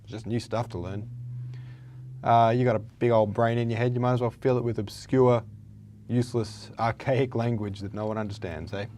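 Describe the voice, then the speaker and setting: A young Australian man hosting a vocabulary vlog, his voice hoarse and raspy from days of talking, chatting playfully with lots of fillers. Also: medium pitch, fairly even intonation, moderate pace, mellow, a little hiss or hum. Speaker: vlog host. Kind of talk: casual chat about words.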